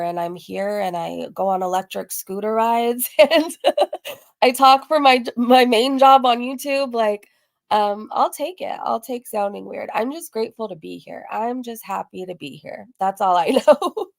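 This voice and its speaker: A woman with a gravelly, hoarse-sounding voice, chatting casually on a livestream as she reads and answers viewer comments, rambling with lots of fillers. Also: medium pitch. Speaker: livestream host. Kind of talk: casual live-stream chat reading comments.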